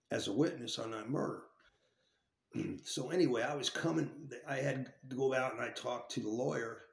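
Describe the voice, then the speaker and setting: A man's voice: mid-range voice, vocal fry, roomy sound. A man casually telling a story from his time in jail, swearing freely and restarting his sentences often. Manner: profane and rambling with many restarts.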